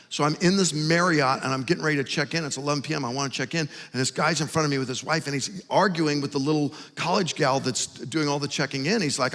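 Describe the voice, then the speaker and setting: A middle-aged man preaching a sermon as pastor, animated storyteller building to loud emphasis, on a stage microphone in a large church auditorium. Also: a little high, fast. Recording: long hall reverb, faint music.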